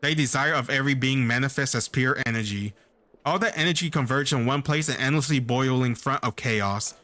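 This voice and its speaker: A man's voice: mid-range voice, a little fast, sharp tone, natural voice. A man reading the lines of a mocking, lofty woman who lectures about gods in a video game. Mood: musing.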